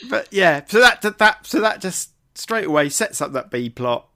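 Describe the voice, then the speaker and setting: A man's voice: high-pitched, big pitch swings, normal speed, bright, forceful tone. A young man co-hosting a film podcast in casual chat, making wry asides with a chuckle. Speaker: podcast co-host.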